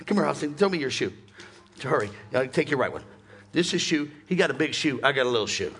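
A male pastor, preaching an animated, joking sermon and calling on the congregation to shout back. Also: medium pitch, fast, slight background noise. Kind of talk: lively sermon with congregation call-and-response.

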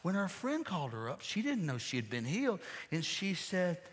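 A man's voice: high-pitched, big pitch swings, normal speed. A man preaching a sermon, telling a folksy story and talking straight to his congregation. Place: church sanctuary. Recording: long hall reverb.

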